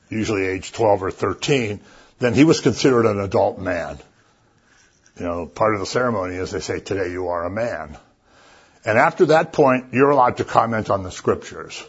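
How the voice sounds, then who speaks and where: Man, casual sermon, husky voice, conversational storytelling, dull lo-fi sound. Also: on the low side. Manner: conversational, animated storytelling with asides. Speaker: preacher.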